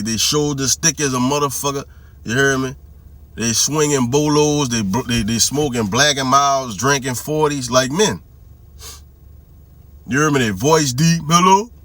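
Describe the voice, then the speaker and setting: A man with a bright, edgy voice talks to camera in a loose, slang-filled preaching style. He keeps asking whether you hear him, and he drops into a slow, deliberate pace when he reads scripture aloud. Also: mid-range voice, no room sound. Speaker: religious commentary vlogger. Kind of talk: casual preaching commentary.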